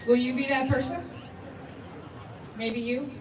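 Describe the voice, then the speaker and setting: A woman's voice: high voice, fairly even intonation, a little slow, crowd noise, background noise. Woman giving an echoey rally speech. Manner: rallying, asks repeated questions. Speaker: rally speaker. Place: outdoor rally stage. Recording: echoey PA sound from far off.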